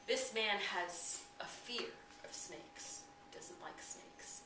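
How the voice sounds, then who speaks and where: A woman spiritual teacher telling a parable as a lesson, asking her listeners gentle questions and sometimes dropping to a hush. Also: mid-range voice, slow. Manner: gentle, questioning, at times hushed. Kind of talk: storytelling lesson. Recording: echoey room, distant mic, noisy.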